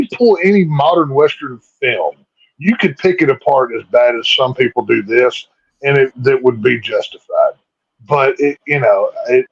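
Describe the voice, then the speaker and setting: A man's voice: mid-range voice, breathy edge, dull audio. A man with a Southern US accent co-hosting a casual movie review chat, enthusiastic and full of fillers. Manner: enthusiastic, filler-heavy, defends opinions. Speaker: podcast co-host.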